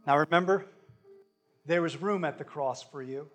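Male pastor, slightly higher voice, earnest conversational sermon delivery, slows down on key words. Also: faint music behind. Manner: earnest, conversational preaching with slow, drawn-out emphasis. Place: church sanctuary.

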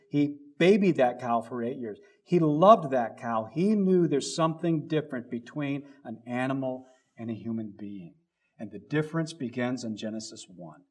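A man preaching a sermon, telling a story with sudden loud emphasis that drops to quiet, almost muttered endings. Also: medium pitch. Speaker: pastor.

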